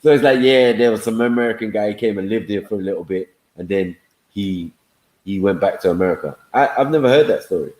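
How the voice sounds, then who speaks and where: A man speaks in a low, mellow voice. He chats in an easygoing way with lots of fillers, and his voice sounds roomy and echoey. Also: quick pace. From England. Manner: easygoing, filler-heavy, often asks "you get me". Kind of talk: casual chat on a live online panel.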